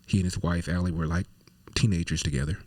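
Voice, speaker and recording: A man's voice: sits low, fairly even intonation, fast talker, a little mellow, no room sound. A middle-aged male talk show host telling anecdotes in a reflective monologue.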